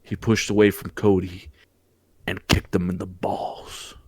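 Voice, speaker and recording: A man's voice: sits low, a little slow, slightly rough, dry recording. A man hosting a casual podcast, telling a story with lots of energy, stumbling and repeating words as he goes. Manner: animated, mimics wrestlers in exaggerated voices, stumbles and repeats words. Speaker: podcast host. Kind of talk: casual podcast chat recapping wrestling.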